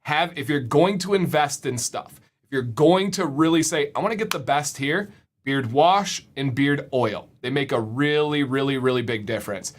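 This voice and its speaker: A man's voice: a little high, animated, normal speed. A young man hosting a casual livestream, upbeat, often repeating words as he reads the chat. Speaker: livestream host.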